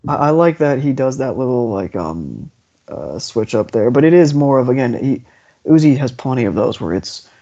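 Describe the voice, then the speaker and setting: A man chatting casually on a podcast about music, rambling and restarting his sentences as he gets excited. His voice has a warm, mellow tone. The audio is dull and lo-fi. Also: medium pitch, moderate pace. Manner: rambling, restarts often, enthusiastic. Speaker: podcast host.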